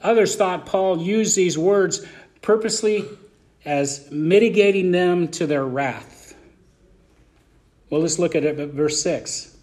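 This high-voiced preacher takes his verse-by-verse sermon slowly, pausing often. He speaks plainly and with emphasis, shifting between loud outbursts and soft asides.

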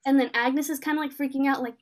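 High-voiced young woman, excited recap. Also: fast. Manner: excited, filler-heavy retelling, acts out the scenes in quoted voices. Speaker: podcast co-host recapping a TV episode. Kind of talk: casual chat.

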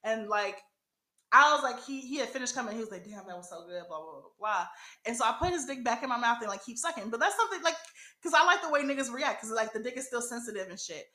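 A young woman talks through a wild personal story for a podcast, swearing freely and breaking into laughs. Her voice sits a little high and bright, and the room around her rings with echo. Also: fast talker. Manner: animated, profane, laughs often. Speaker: podcast host. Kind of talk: casual storytelling chat.

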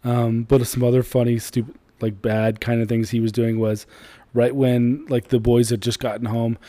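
This is a man in his thirties, talking in a relaxed co-hosted chat. His voice is dark and mellow, and the sound is dry and close with no room to it. He is blunt, swears freely and tells stories at an easy pace. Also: mid-range voice, normal speed, dry recording. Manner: blunt, swears freely, laid-back storytelling. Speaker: podcast co-host. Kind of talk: casual chat.

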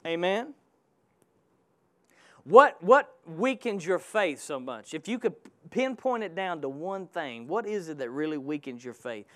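A man's voice: a little high, big pitch swings, a little slow, sharp tone. A man preaching a sermon with passion, calling out to his congregation. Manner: impassioned, calls out to the congregation.

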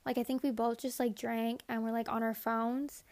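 A young woman telling a story straight to camera, casual and unfiltered. Her voice sits a bit high and carries plenty of vocal fry. She keeps dropping into quoted inner monologue and fills her talk with "like". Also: level tone, normal speed, a little mellow. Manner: candid, profane, rambling with many "like"s; acts out her own inner thoughts in quotes.

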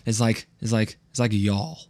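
With a lowish, slightly mellow voice and a moderate pace, this podcast host talks about the Bible casually and slangily. He's a young man from California's Central Valley with a West Coast accent, he repeats words when he restarts, and the recording has no room sound.

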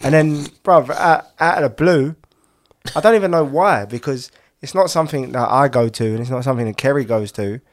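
A man's voice: mid-range voice, brisk. A man, co-hosting a casual podcast chat, telling rambling stories full of fillers and restarts. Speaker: podcast co-host.

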